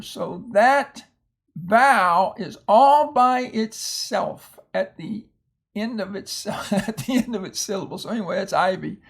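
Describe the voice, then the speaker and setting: A man's voice: high-pitched, creaky, fairly bright tone, breathy edge. A man teaching a phonics lesson, reading out a word list and explaining each word in a patient way with homely asides.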